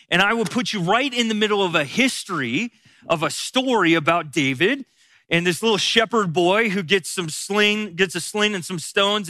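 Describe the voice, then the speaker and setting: High, bright-voiced man teaching Scripture. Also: dry recording, clean studio sound. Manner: conversational, repeats key phrases for emphasis. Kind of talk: Bible teaching talk.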